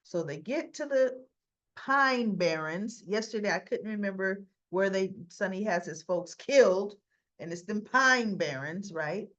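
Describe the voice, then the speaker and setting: Woman, soap opera reviewer, casual recap, unhurried, lo-fi recording. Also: medium pitch. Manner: chatty, animated retelling. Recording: dull lo-fi recording.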